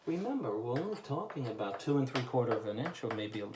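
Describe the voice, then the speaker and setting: Chatty male tradesman demoing wallpaper hanging; echoey room, steady noise behind. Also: medium pitch, quick pace. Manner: chatty, joking asides to viewers; talks while working, drifts from the mic. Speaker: wallpaper installer. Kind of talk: hands-on how-to demonstration. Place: indoor room being wallpapered.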